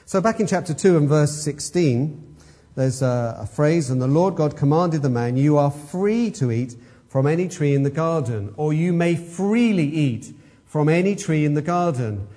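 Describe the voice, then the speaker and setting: A man's voice: on the high side, animated, moderate pace, warm tone. A man preaching an expository sermon, emphatic and fond of rhetorical questions.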